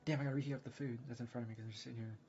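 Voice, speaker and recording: A man streaming casual chat, rambling and excitable, full of fillers and restarts. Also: mid-range voice, rapid-fire. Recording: dull lo-fi stream audio.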